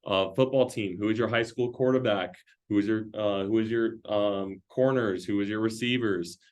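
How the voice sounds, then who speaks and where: A man's voice: on the low side, fairly even intonation, a little mellow. A man giving a training talk to a sales team, firing off questions in a loose, conversational way. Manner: rapid-fire string of questions, loose and conversational.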